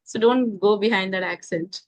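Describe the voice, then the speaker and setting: Confident Indian woman. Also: medium pitch. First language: Indian mother tongue. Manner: confident, measured, opinionated. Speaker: guest English speaker. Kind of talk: casual conversation.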